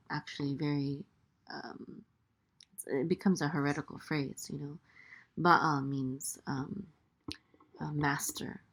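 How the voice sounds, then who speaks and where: A woman teaching a Hebrew prayer lesson, translating word by word, hesitant and careful with frequent ums and self-corrections. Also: sits low.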